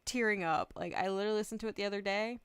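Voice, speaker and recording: A woman's voice: mid-range voice, racing, a bit bright, clear, resonant tone, no echo. A young adult woman streamer chatting casually, rambling, giggling often and swearing freely. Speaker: VTuber streamer.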